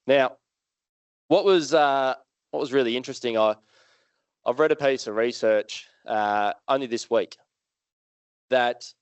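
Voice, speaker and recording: A man with an Australian accent giving a live keynote talk, telling stories in a lively, conversational way and putting questions to the audience. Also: mid-range voice, moderate pace, clean tone, no room sound. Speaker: motivational speaker. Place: live event hall with audience.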